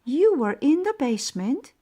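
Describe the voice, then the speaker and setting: A woman voicing a gentle, curious mother who asks many questions, in a read-aloud storybook. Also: sits high, very animated, normal speed, pitched above the performer's own voice.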